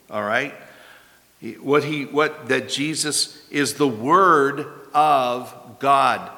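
A male pastor preaching an expository sermon, emphatic, rising to forceful peaks and then dropping low. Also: big-room sound.

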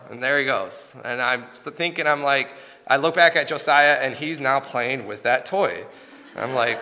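A man in his thirties preaching a sermon, telling a family story in an earnest, halting way with frequent restarts. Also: mid-range voice, pushed and bright, big-room sound.

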